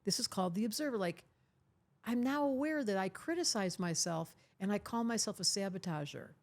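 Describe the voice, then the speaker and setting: A woman's voice: mid-range voice, fairly quick. An older woman, an astrologer, talking emphatically and teasingly in a podcast interview, often acting out the voices she quotes. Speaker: astrologer, guest.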